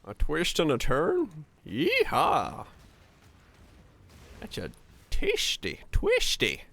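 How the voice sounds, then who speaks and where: A man putting on a giddy, drawling old-timey cowboy voice, high and whooping. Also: wildly swooping pitch, takes it slowly, gravelly, fairly bright tone, full character voice.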